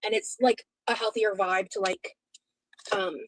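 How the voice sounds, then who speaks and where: A woman chatting casually in a video, sharing snack tips and personal thoughts in a relaxed way. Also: mid-range voice, measured pace, very noisy. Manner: relaxed, chatty, eats while talking.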